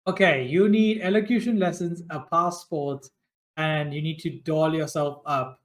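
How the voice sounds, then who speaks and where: A man with a voice slightly higher than most men talks through a duet tabletop game. He plays the guardian with a teasing, scheming manner. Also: fairly even intonation, unhurried. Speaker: player.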